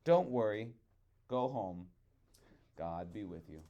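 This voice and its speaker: A man voicing a calm magical goldfish who speaks softly and low in a storybook reading. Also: takes it slowly, lo-fi sound. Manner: soft, low, reassuring. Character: calm magical male goldfish granting wishes.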